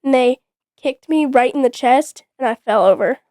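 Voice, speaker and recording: A teenage girl guesting on a family podcast, matter-of-fact and a little reluctant. Her voice is high. The sound is dry. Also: moderate pace, warm tone, no room sound. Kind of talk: casual family chat.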